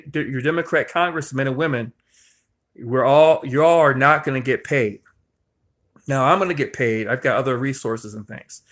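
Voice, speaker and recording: A man's voice: medium pitch, a bit bright. A man delivering a political commentary monologue in an emphatic, repetitive, preachy way, often restarting his sentences. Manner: frequent restarts and stumbles.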